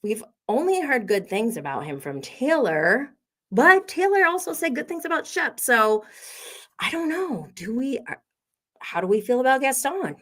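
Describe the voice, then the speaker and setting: A woman's voice: sits high, sing-song, moderate pace, fairly bright tone. Chatty opinionated American woman host. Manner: chatty, opinionated, frequent "like" fillers and laughs. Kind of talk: casual reality TV recap.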